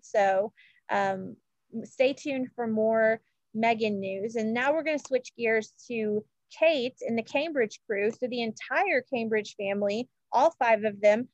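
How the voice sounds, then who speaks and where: A woman's voice: a little high, dry recording, dull audio. A woman co-hosting a podcast, chatting in a gushing way with lots of fillers and restarts. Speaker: podcast co-host. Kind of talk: casual chat about royal news.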